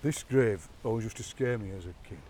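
A man with a Yorkshire accent chatting on an outdoor walk, an animated storyteller who mimics local accents and laughs often. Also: fairly low pitch, fairly quick, recorded from a distance, slight background noise. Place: outdoors by a graveyard.

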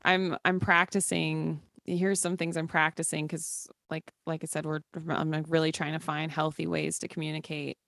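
A woman's voice: low-pitched, level tone, moderate pace, vocal fry, few pauses, fairly bright tone, no room sound, studio quality. A young woman, mother of a little boy, rambling through a casual conversation with many fillers and restarts. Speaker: podcast co-host.

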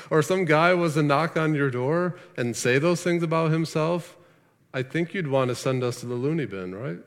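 A pastor with a voice on the high side preaches a sermon earnestly and emphatically, asking rhetorical questions, with a long reverb tail trailing his words.

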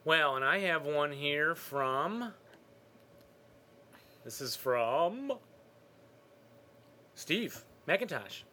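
A man's voice: fairly high pitch, animated, very slow, pauses often, sharp tone. Dry, teasing male podcast co-host. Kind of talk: casual chat reading listener mail.

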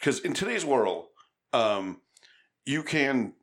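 A man co-hosting a casual political chat, talking in a measured, wry way. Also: medium pitch, sing-song, fairly bright tone.

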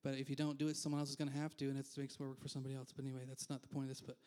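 A man's voice: medium pitch, completely flat delivery, racing, warm tone. A man preaching a conversational sermon as pastor in a church, candid and self-deprecating, with frequent asides.

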